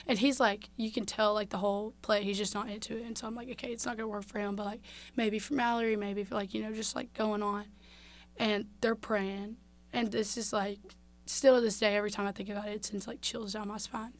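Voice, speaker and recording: A woman's voice: medium pitch, brisk. Heartfelt young woman storyteller. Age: young adult. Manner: heartfelt, animated, drops to a hush at tender moments. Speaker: guest. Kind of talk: casual interview storytelling.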